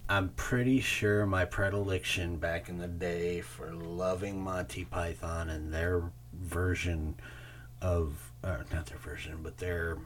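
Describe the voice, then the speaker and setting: A man's voice: low-pitched, fairly even intonation, takes it slowly, a little hiss or hum. A man in his forties hosting a music show, chatting casually and meandering between thoughts, with casual swearing. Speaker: show host presenting music tracks. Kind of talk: casual rambling music talk.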